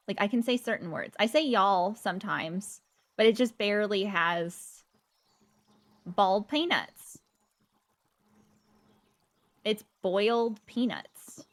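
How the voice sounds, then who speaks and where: A woman's voice: mid-range voice, sharp tone. A woman streamer from the US South with a generic American accent with a slight Midwest hint, chatting casually with her viewers and laughing often. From Georgia, US South. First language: not English. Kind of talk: casual chat with live chat.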